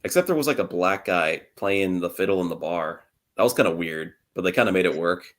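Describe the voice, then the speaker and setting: Deep-voiced young man rambling on a podcast. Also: lively intonation, fairly quick, a bit bright. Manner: rambling, laughs often, swears casually. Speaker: podcast co-host. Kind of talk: casual chat.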